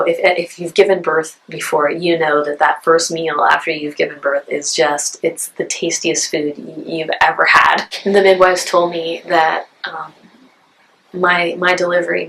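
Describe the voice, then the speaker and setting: A woman's voice: fairly low pitch, gravelly, poor audio. A woman in her thirties telling a personal story to camera in a heartfelt, emotional way. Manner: heartfelt, emotional, with restarts and soft laughs. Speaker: vlogger.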